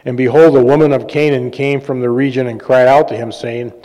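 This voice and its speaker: Male preacher with a mellow voice telling humorous stories in a reverberant hall; casual, chatty delivery. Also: mid-range voice, flat delivery, brisk. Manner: conversational, jokey, fillers and self-laughs. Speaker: pastor and healing minister. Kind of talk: sermon with personal stories. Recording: long reverb of a large hall.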